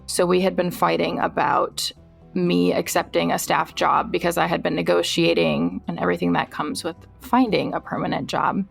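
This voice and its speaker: A woman from Iowa, a nurse, steadily recounting her own story and flatly reading out text messages. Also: on the low side, moderate pace, gravelly, faint music behind. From Iowa, USA. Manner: steady, reads his texts aloud flatly. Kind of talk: personal true-crime testimony.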